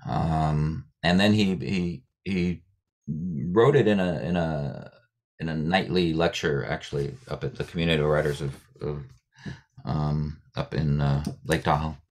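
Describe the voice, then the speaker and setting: A man, a poet and writing teacher, leading a workshop on a video call, speaking thoughtfully with many fillers and restarts and demonstrating sounds slowly. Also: extremely low pitch, fairly even intonation. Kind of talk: guest talk leading a workshop.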